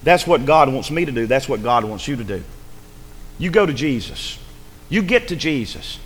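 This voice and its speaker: A man's voice: mid-range voice, very animated, moderate pace, slightly rough, long reverb tail. A male pastor preaching a sermon in a church, urgent and rhetorical, pressing his listeners with repeated questions. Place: church sanctuary.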